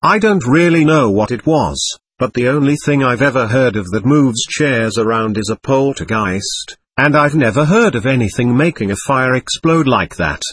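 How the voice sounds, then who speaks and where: A man's voice: medium pitch, expressive, normal speed, a bit bright, a little hiss or hum, natural voice. A man voicing a shaken, apologetic father who speaks in a trembling voice, read as part of an audiobook. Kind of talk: audiobook narration.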